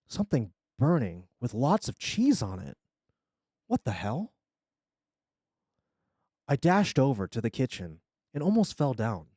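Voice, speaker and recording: Man, scary story reading, expressive, animated pitch, dry recording. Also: no room sound. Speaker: streamer telling a story.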